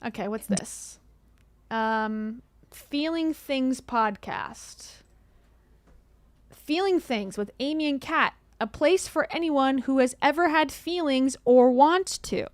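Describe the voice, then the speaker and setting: A woman's voice: high voice, takes it slowly, no room sound. A woman streaming casual reaction commentary, chatty and sarcastic, laughing often.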